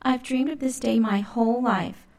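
A woman's voice: a little high, fairly even intonation, normal speed, a little mellow, voice pushed up, lightly acted. A woman reading the lines of an eager, slightly whiny young girl kitten in a storybook. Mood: upset. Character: excitable young girl kitten, dessert-obsessed.

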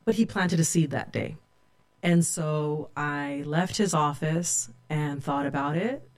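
A woman's voice: low-pitched, slow pace. Middle-aged woman prof from california, reflective, candid storytelling. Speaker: sociology professor. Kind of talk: personal storytelling.

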